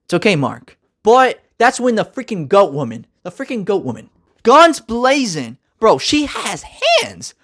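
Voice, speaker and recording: A young man casually reviewing a TV finale with energetic, slangy, joking talk. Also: sits high, a little slow. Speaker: TV review host.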